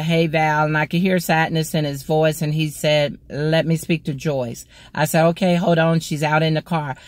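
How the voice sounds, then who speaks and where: A woman from Mississippi, a motivational speaker and ordained minister, telling a personal testimony in a slow, deliberate way. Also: low voice, no room sound.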